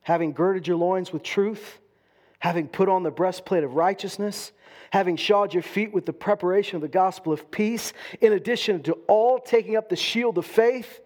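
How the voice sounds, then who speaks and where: A man with a high voice delivers a sermon. He drives hard in loud passages, then drops to quiet, low-spoken stretches. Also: moderate pace. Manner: dynamic preaching, swings from loud bursts to quiet lows. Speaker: pastor.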